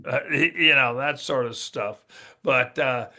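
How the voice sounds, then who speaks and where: A man's voice: medium pitch, measured pace, pushed and bright. A man co-hosting a podcast, chatting in an upbeat, enthusiastic way and repeating words for emphasis. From Texas. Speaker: podcast co-host. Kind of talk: casual chat.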